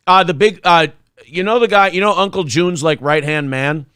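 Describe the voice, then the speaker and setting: A man's voice: fairly high pitch, normal speed, fairly bright tone, clean tone, no room sound, studio quality. A man hosting a morning talk show, chatting casually in a blunt, profane way. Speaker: host. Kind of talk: casual chat.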